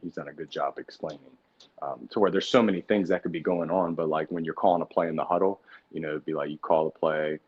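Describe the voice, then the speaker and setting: Deep husky young man, casual and profane. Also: fast, dull audio. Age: young adult. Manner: energetic, profane, many fillers and restarts. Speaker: NFL quarterback guest. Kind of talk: casual interview talk.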